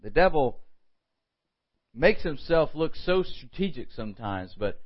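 A man preaching a morning sermon, animated, with quoted asides and frequent rhetorical questions. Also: medium pitch, a little slow, highs cut off. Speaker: pastor.

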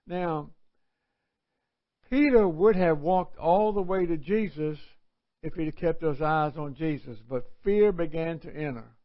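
Slow, folksy preaching man. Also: fairly high pitch. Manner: folksy, conversational preaching with loud acted cries. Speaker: pastor. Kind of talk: live Bible study teaching. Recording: dull, lo-fi livestream audio.

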